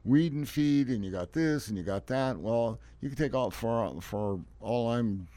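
A man's voice: mid-range voice, a little slow, dark tone. An older man who installs lawns, chatting on a radio show in a folksy, rambling, emphatic way. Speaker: landscaping guest expert on a radio show. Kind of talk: casual radio chat.

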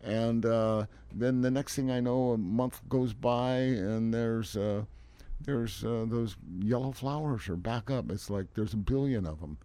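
A man's voice: mid-range voice, a little slow, dark tone, clear, resonant tone. An older man who installs lawns, chatting on a radio show in a folksy, rambling, emphatic way. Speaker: landscaping guest expert on a radio show. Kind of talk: casual radio chat.

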